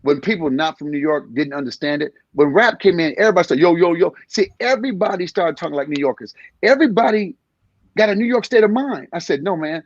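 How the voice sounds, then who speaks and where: Older comedian guy talking real fast, husky voice, kinda dull dry sound, acts out bits. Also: fairly high pitch, no room sound. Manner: energetic storyteller acting out voices. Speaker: comedian guest. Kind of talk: animated interview talk.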